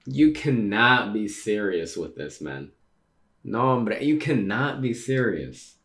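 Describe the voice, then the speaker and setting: A man streaming a casual read-through of a comic, reacting excitedly with slangy exclamations. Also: lowish voice, slow. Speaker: streamer reading manga aloud.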